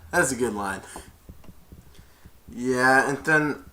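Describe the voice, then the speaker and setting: Slow, rambling man reviewing a film. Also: medium pitch, a bit bright. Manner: rambling plot retelling with restarts. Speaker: movie reviewer.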